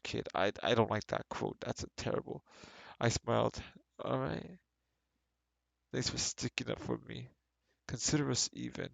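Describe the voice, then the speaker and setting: A man's voice: medium pitch, moderate pace, vocal fry, pauses often, no echo. A man reading a book aloud on stream and breaking off with sarcastic, exasperated commentary.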